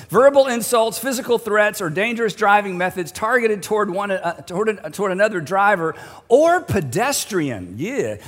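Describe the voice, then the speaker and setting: A man's voice: high voice, a bit bright, in a large hall. A middle-aged male pastor preaching a sermon in a conversational, humorous way, acting out the voices he quotes.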